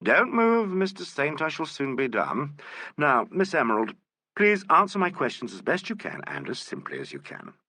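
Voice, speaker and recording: A man reading as a suave, courteous inspector, gently ironic and very composed. His lively voice rises and falls a lot and sounds bright and a little breathy, recorded dry and close. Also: a little high, moderate pace, dry recording, voice pushed up, full character voice. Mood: questioning. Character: suave, polite male police inspector. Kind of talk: audiobook character voice.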